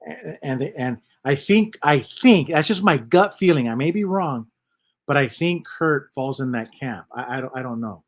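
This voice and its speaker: A man's voice: mid-range voice, animated, moderate pace. A man hosting a casual livestream, reading chat comments aloud and rambling on with lots of repeats and mutters.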